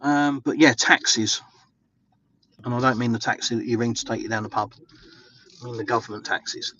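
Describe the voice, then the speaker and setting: A man's voice: mid-range voice, steady tone, moderate pace, pushed and bright, highs cut off. An English man vlogging casually outdoors in the snow, chatty and rambling with lots of fillers. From England. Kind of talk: casual walking vlog.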